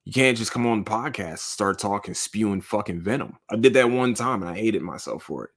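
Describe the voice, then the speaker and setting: A man's voice: on the low side, a little fast. A man hosting a solo podcast, talking in a rambling, profane, emotional way straight to his listeners from a cold room. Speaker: podcast host. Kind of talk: casual solo monologue.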